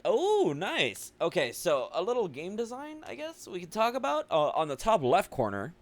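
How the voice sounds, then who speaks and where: A man's voice: high-pitched, wildly swooping pitch, moderate pace. A man giving casual game commentary, musing aloud with loose fillers and offhand swearing. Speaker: gaming video creator.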